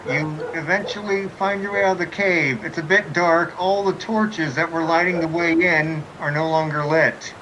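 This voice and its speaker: Game master: a man with a slightly high voice and a dry, teasing style. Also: steady tone, normal speed, few pauses, background noise. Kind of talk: narrating a tabletop game.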